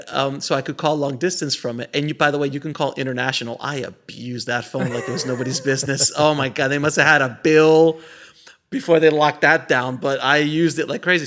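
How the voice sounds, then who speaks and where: A man talks about his filmmaking past in a relaxed interview, animated and quick to laugh. His voice has a gravelly edge with a bright, forward tone. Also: mid-range voice. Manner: animated storyteller, laughs often, many restarts. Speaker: guest filmmaker. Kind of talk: casual interview chat.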